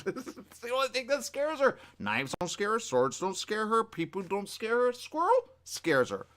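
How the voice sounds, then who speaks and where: A man's voice: high-pitched, huge pitch swings, moderate pace, a bit bright. A man hosting a talk radio show, chatting casually, rambling through stories and laughing often.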